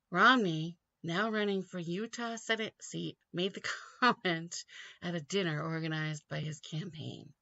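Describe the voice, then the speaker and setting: Slow, gravelly woman mocking with laughter. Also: fairly low pitch, steady tone, a bit bright, no echo, dull audio. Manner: mocking, rambling, laughs often. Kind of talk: comedic solo commentary.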